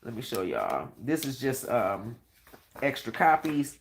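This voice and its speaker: A woman with an extremely low, sing-song voice hosts a live-stream Q&A, talking a little slowly over slight background noise. Her street talk is blunt, profane, and combative, peppered with "all right?".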